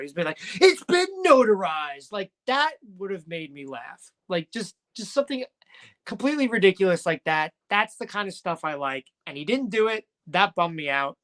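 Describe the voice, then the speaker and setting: A man's voice: a little high, sharp tone. Rambling joking man recapping wrestling. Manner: rambling, joking, self-correcting. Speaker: podcast co-host. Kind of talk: casual wrestling recap talk.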